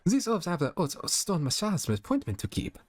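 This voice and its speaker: A man's voice: high voice, huge pitch swings, moderate pace, no room sound, pitched above the performer's own voice, heavily acted. Man putting on a gushing French-flavored supermodel mare. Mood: gushing theatrical. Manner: sprinkles in French phrases; gushing, dramatic. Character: glamorous female pony supermodel, theatrical, flirty.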